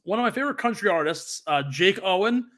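A man's voice: high-pitched, lively intonation, quick pace, fairly bright tone. Rambling young man on a podcast. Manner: rambling storyteller with many fillers and restarts. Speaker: podcast co-host. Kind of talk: casual chat.

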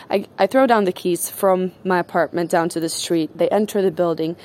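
Fast-talking, foul-mouthed woman storyteller. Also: on the low side, fairly even intonation, darkish tone. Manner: rapid, chatty, swears freely; frequent fillers like "like" and "um". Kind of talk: casual spoken anecdote.

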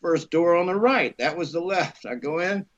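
A man, an actor guest, telling a lively anecdote, acting out voices and laughing often. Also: a little high, moderate pace, dull audio. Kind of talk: animated storytelling.

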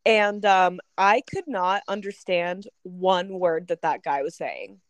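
A woman's voice: fairly low pitch, slow, no room sound. Young woman, podcast co-host, casual, profane, storytelling. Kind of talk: casual chat.

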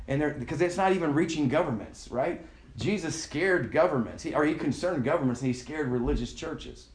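Male pastor, slightly higher voice, chatty sermon delivery with call-and-response, echoey room. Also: a little fast. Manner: conversational preaching, has the congregation repeat words.

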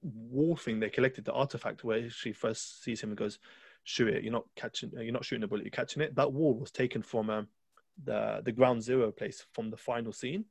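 A man's voice: medium pitch, vocal fry, slightly rough, dry recording. A man co-hosting a podcast, chatting casually and enthusiastically about a film, rambling with restarts. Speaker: podcast co-host.

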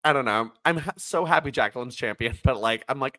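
In a relaxed wrestling recap on his podcast, the co-host animatedly acts out quotes as he tells stories. He talks briskly at a medium pitch.

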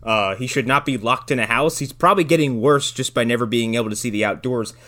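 A man's voice: mid-range voice, fast talker, bright, forceful tone. A man casually riffing on a movie with friends, blunt and crude. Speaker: podcast co-host.

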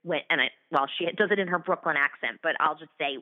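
A woman's voice: low-pitched, quick pace. Effusive woman in her forties on a tinny line. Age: 40s. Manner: effusive, rambling, many fillers. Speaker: acting coach and actress guest. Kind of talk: casual interview chat. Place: remote call from home office.

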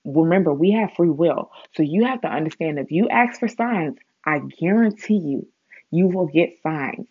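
A woman speaking in a casual spiritual vlog, rambling with many fillers and restarts, and getting animated as she retells a story. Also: low-pitched, moderate pace, breathy edge, no echo, narrow, tinny audio.

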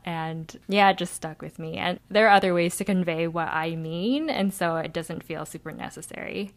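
A young woman co-hosting a casual podcast, soft-spoken and hesitant, giggling often. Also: medium pitch, normal speed. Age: young adult. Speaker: podcast co-host.

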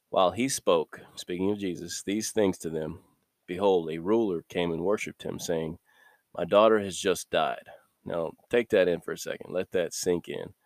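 A man with a low, deep voice delivers a daily podcast sermon in a loose, conversational manner, speaking. He reads scripture aloud and then explains it plainly to his listeners. The sound is dry and close, with no room echo. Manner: casual, conversational, laughs between points. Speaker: podcast preacher. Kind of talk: informal sermon with scripture reading.

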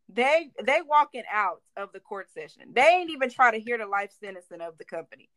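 A woman's voice: a little high, sing-song, brisk, hardly any pauses, a bit bright, dry recording. A young woman in her twenties co-hosting a podcast, telling a work story in casual, slangy chat and slipping into voices when she quotes people. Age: 20s. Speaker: podcast co-host.

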